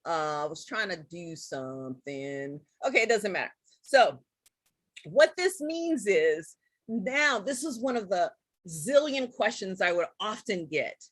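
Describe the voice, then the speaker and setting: A woman hosting a casual live-stream tutorial, chatty and excitable, talking straight to her viewers. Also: mid-range voice, a little slow, no room sound. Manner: chatty and excitable, addresses viewers as guys and y'all. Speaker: live-stream host teaching Zoom tips.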